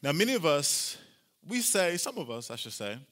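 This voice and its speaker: A male pastor giving a lively, conversational sermon, using casual slang as he preaches to his congregation. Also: a little high, moderate pace.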